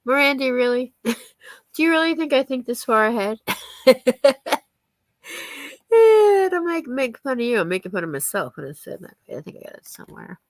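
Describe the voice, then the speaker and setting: A woman's voice: a little high, animated, fairly quick, no echo. Giggly, chatty woman streamer. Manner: chatty and giggly, thanks viewers by name. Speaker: live streamer. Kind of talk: casual live-stream chat with viewers.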